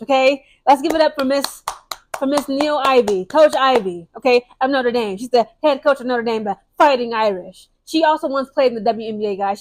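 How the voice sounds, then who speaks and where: A young adult woman giving casual, opinionated basketball commentary, emphatic and chatty, often checking in with "okay?" and "guys". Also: high-pitched. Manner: emphatic, keeps tagging lines with "okay?" and "guys"; fast and chatty, restarts and repeats words. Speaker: sports commentary vlogger.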